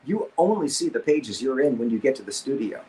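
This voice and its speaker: Animated middle-aged man telling a story. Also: fairly quick, a little hiss or hum. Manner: animated storyteller, acts out quotes and squeaks. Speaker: guest voice actor. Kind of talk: casual anecdote on a video call. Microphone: video call.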